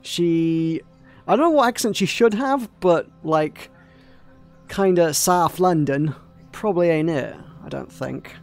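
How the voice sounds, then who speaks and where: A man's voice: fairly high pitch, measured pace, faint music behind. A man hosting a let's play, giving casual, rambling commentary with many hesitations. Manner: rambling, hesitant, laughs at the game.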